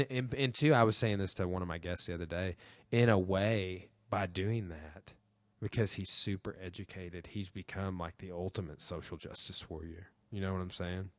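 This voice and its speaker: A man's voice: deep voice, no echo. A young man hosting a podcast, talking in a rambling way with lots of fillers and swearing. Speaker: podcast host. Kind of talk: casual chat.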